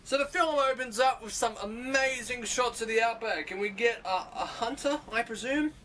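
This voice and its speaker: A man's voice: extremely high pitch, moderate pace, bright, forceful tone, a little hiss or hum. An Australian man giving a comedic film review, profane, jokey and sarcastic. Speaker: movie reviewer.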